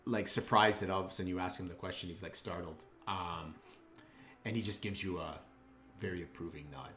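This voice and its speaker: A low-voiced man narrates as game master, measured and halting. The recording is roomy and echoing. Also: steady tone, fairly bright tone. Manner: measured, hesitant narration with many fillers. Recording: roomy echo.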